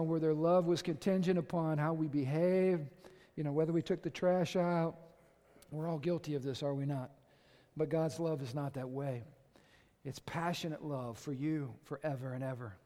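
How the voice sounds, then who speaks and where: An older man preaching a sermon in an animated, conversational way. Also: a little high. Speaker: pastor. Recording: echoey hall.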